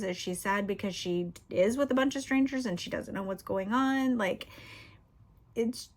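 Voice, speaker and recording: Woman, middle-aged, casual vlog chat, candid, chatty, says "y'all", mid-pitched voice. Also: fairly even intonation, unhurried. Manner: candid, chatty, fillers like "you know" and "y'all". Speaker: book vlogger.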